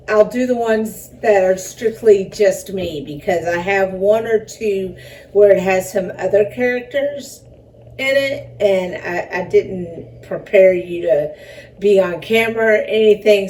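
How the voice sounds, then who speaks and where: Interviewed about her film and one-woman show, a filmmaker and performer chats casually and rambles, laughing self-consciously. Her medium-pitched voice is a little mellow. The mic sits at a distance, picking up faint background noise.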